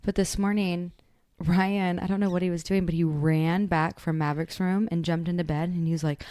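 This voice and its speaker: A mother in her thirties co-hosting a casual podcast, telling lively stories and acting out the voices in them. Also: lowish voice, moderate pace, clean tone, no room sound, studio quality. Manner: animated storyteller, acts out voices, swears casually. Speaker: podcast co-host. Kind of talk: casual chat.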